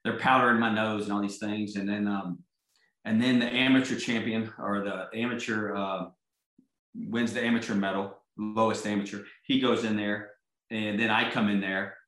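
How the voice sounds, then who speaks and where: Rambling man with a deep voice in an echoey room. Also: steady tone, moderate pace, fairly bright tone. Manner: rambling, full of fillers and restarts. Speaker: golf champion guest. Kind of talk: casual storytelling.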